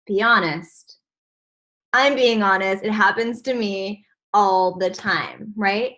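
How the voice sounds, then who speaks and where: A woman hosting a video call, giving an animated, encouraging motivational talk to her team. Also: mid-range voice, slow pace. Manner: animated and encouraging, acts out stressed inner voices.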